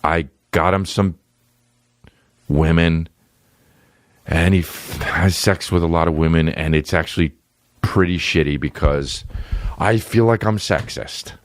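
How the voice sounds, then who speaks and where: A man in his forties, a comedian hosting his podcast, riffing crude jokes in an animated way and jumping into high silly voices. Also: a little slow, long pauses, no room sound. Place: podcast studio. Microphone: studio microphone.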